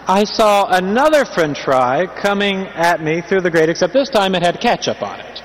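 A man's voice: high voice, animated, moderate pace, few pauses, slight background noise. Man preaching in a reverberant church. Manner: conversational, humorous, uses rhetorical questions. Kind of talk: sermon with storytelling. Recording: long hall reverb, faint ambience.

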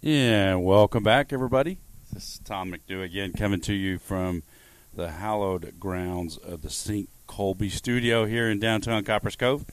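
A man's voice: fairly low pitch, moderate pace, clean tone. A man hosting a radio pledge drive, thanking donors in a rambling way full of uhs. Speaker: radio host.

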